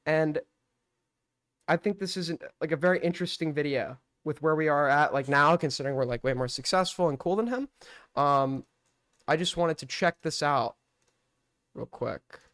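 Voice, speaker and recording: A man's voice: a little high, moderate pace, a bit bright. A young man hosting a live stream with call-ins, casual and mocking as he accuses a caller.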